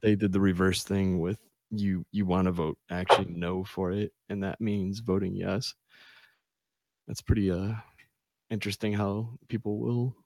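A man's voice: on the low side, gravelly, a little mellow, dry recording. A man chatting casually on a podcast, swearing and laughing easily.

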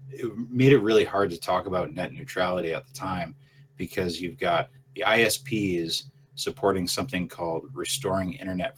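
A man with a very deep, low voice talks through a topic in casual podcast chat. He rambles, swears freely and lets his sentences trail off quietly, with a faint hiss of noise behind him.

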